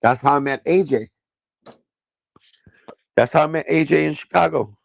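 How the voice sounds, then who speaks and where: A middle-aged man with a New York accent, hosting a casual sneaker livestream with excitable, profane banter. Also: fairly high pitch, moderate pace, vocal fry, no echo, poor audio.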